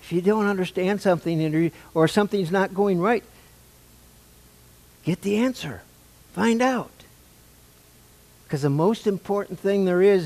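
A man's voice: high voice, a little slow, pauses often, a little mellow. An older man preaching a sermon to his church, asking the congregation questions in a conversational way. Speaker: pastor. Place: church sanctuary.

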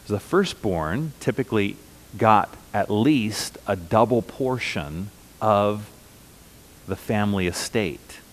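A middle-aged man preaching a sermon in a conversational teaching manner, slowing down to repeat key phrases with emphasis. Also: lowish voice. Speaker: pastor.

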